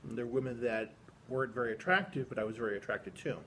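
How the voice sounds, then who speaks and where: A man in a video diary, speaking at a middle pitch in an earnest, rambling way and often restarting his sentences. A faint hum of ambience sits under the recording. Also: quick pace, a bit bright. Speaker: vlogger. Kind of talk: reflective personal monologue.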